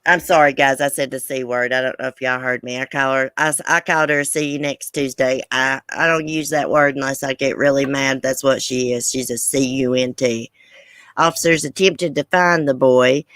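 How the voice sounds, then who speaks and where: A woman's voice: a bass voice, little pitch movement, brisk, few pauses, fairly bright tone, dry recording. A woman hosting a casual live chat with viewers, blunt and profane. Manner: blunt, angry and profane, then chatty. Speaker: livestream host.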